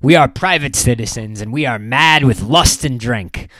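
A male narrator voicing a gruff, brisk military nobleman who talks in a clipped, commanding way. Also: mid-range voice, a bit bright, no echo, lightly acted. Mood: brusque.

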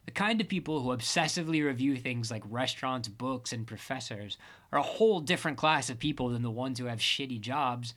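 A man's voice: medium pitch, fairly bright tone, lightly acted. A man voicing a scheming young man who speaks with cool, cutting contempt in an audiobook. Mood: dismissive. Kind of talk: audiobook character reading.

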